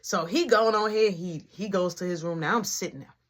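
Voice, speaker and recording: A young man telling a family story in casual speech, animated and dramatic. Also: high-pitched, normal speed. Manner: animated, dramatic, switches voices.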